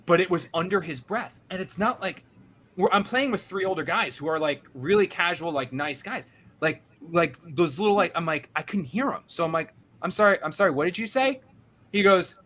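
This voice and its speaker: Bright-voiced young man telling stories. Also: sits high, normal speed. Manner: animated, self-deprecating, quoting others. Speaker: podcast host. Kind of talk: casual storytelling.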